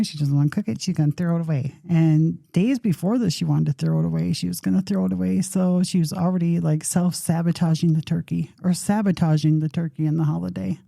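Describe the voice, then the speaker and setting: A woman's voice: lowish voice, creaky, warm tone, no room sound, clean studio sound. A middle-aged woman hosting a podcast, telling a candid personal story in a rambling, conversational way with some self-deprecating humor. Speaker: podcast host.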